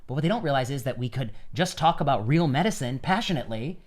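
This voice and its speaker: A man, a physician hosting a podcast, musing in casual chat with halting phrasing and many fillers. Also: mid-range voice, lively intonation.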